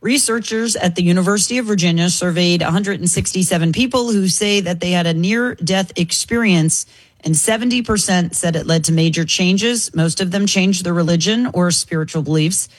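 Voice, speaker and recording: A woman's voice: on the low side, fairly quick, breathy edge, no echo. A woman co-hosting a talk show, reading news items in a matter-of-fact, casual way with light fillers. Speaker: radio news reader and co-host.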